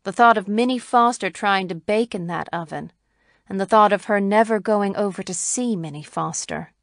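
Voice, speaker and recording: A woman narrating a classic short story in a measured, even storytelling manner. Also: medium pitch, vocal fry, dry recording, studio quality. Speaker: audiobook narrator.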